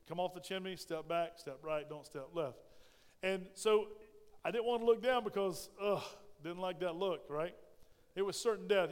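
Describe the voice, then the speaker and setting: A man's voice: high voice, clean tone, long reverb tail. A male pastor preaching a sermon in a folksy, storytelling way, often checking in with "right?". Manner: frequent "right?" check-ins.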